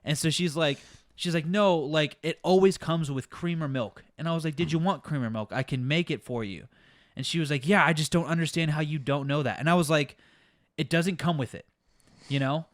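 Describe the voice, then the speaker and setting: A young man co-hosting a casual podcast, telling a work story in a profane, exasperated, animated way. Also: fairly high pitch, a little fast, no room sound, studio quality. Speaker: podcast co-host.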